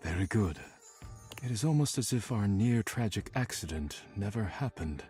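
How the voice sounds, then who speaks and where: Fussy proper game character, kinda low, careful measured talk, music under it. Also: male voice, lively intonation, mellow, husky, exaggerated voice. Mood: relieved, formal. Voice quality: formal, measured delivery.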